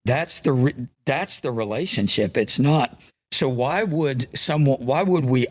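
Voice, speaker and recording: A man's voice: mid-range voice, animated, measured pace. A man in his sixties, a pastor, talking earnestly with a passionate, preacher-like emphasis. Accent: Eastern Shore American. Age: 60s. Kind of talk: conversational interview, preaching tone.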